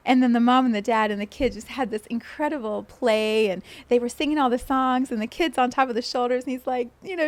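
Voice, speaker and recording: A woman hosting a spiritual podcast, telling stories in an animated way and laughing often, then turning soft and hushed when she reflects. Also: a little high, fairly quick, hardly any pauses, no echo. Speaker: podcast host. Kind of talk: casual spiritual podcast talk.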